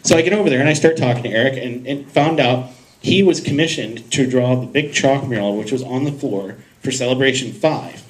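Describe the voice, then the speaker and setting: On a convention podcasting panel, a host with a medium-pitched voice tells the audience a casual story at a fairly quick pace. He's animated, acting out the voices of people in his anecdote and laughing often, though the recording is rough.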